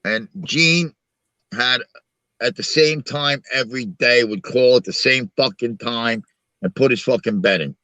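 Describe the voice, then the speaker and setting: A man's voice: mid-range voice, a little slow, pushed and bright, no room sound. A middle-aged man from Long Island, hosting a live-stream and telling blunt, profane street stories. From Long Island, New York. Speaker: show host. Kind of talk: casual live-stream talk.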